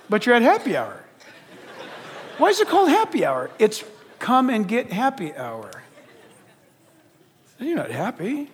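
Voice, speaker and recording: Pastor, man, high and very expressive delivery, preaching in a big echoing church. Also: normal speed, pauses often, a little hiss or hum. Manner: animated, joking, acts out quoted voices. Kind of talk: lively sermon. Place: church auditorium. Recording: long hall reverb.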